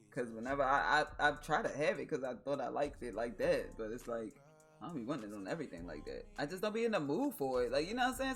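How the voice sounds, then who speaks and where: A woman with a Baltimore accent chats on a live stream, swearing freely and spinning jokes. Her voice sits fairly low but swings widely in pitch. Faint music plays in the background. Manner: joking, profane, animated storytelling. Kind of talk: casual chat.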